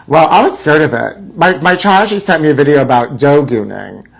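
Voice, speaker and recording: A man's voice: fairly high pitch, lively intonation, moderate pace, creaky. A man hosting a live celebrity gossip show, theatrical and mock-frightened, calling his viewers honey. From Los Angeles area.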